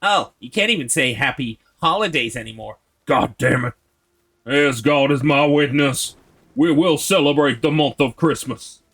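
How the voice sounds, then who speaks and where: Huffy Southern-drawl scold, put on by a male streamer, mock-pompous, bright. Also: medium pitch, moderate pace, husky. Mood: indignant. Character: indignant folksy Southern man scolding holiday talk.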